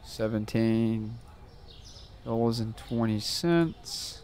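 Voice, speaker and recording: A man's voice: lowish voice, drawn-out words, background noise. A man giving casual gameplay commentary, swearing constantly and muttering prices as he counts change. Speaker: gaming channel host.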